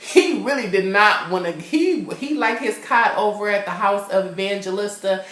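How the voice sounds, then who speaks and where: Sassy, animated man in an echoey room. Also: sits high, moderate pace. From California. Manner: animated, sassy, acts out characters in quotes. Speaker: TV show reviewer. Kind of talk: casual chat. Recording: roomy echo.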